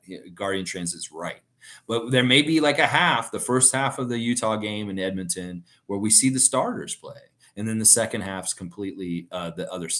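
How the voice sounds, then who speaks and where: A man's voice: low-pitched, fairly bright tone. A middle-aged man hosting a casual live stream. He rambles, reads out viewer comments and tells stories with frequent laughs.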